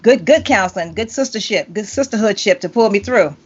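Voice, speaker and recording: Woman, 40s, podcast host, animated and teasing, lo-fi sound. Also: medium pitch, brisk, husky. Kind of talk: casual interview chat. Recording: dull lo-fi audio.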